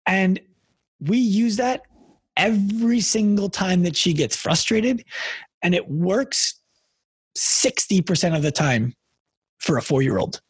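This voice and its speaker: Husky man hosting a podcast. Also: sits high, expressive, takes it slowly, long pauses, no room sound. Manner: storytelling, repeats words when starting sentences. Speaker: podcast host. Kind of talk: casual interview chat.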